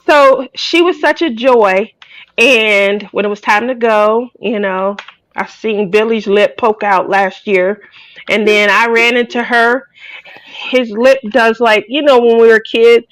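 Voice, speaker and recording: A woman hosting a crafting channel tells stories in a casual, emotional way, close to tears at times. Her voice sits a bit high, and the recording is dry and close. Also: steady tone, slow, no room sound, poor audio. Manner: emotional storytelling, tearful. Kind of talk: casual chat.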